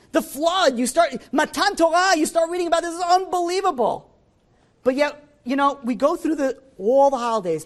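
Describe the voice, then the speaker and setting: A man, a rabbi, giving a Torah class in a synagogue, talking in an animated, conversational way. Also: extremely high pitch.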